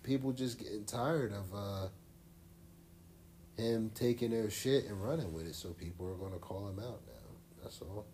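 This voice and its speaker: A man's voice: fairly low pitch, normal speed, warm tone, slight background noise. A man co-hosting a podcast, talking in a laid-back, rambling way full of slang and fillers. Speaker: podcast co-host. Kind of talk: casual chat.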